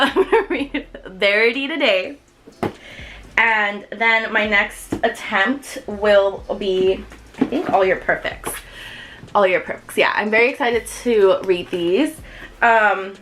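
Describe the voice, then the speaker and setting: A woman in her twenties chatting excitedly to camera about books she loves, with lots of fillers. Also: medium pitch, slight background noise, poor audio. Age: 20s. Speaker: book vlogger. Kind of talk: casual chat to camera.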